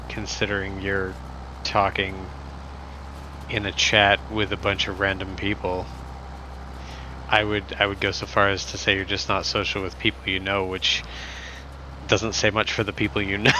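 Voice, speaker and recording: A man's voice: lowish voice, sharp tone, slight background noise. Rambling, joking male streamer. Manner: rambling and joking, heavy fillers. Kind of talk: casual stream chat.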